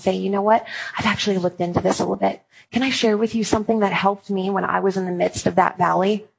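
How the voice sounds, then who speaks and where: Woman in her thirties, husky timbre, church speaker, animated and funny storyteller. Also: medium pitch, poor audio. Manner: animated storytelling with playful humor. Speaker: Christian speaker on apologetics and parenting. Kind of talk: talk to an audience.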